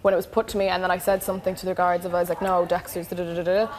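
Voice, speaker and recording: A woman in a reality show house, rapidly retelling a conversation and quoting what others said, in a heated casual chat. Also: lowish voice, level tone. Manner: rapid, retelling with quoted dialogue. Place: house living area, indoors.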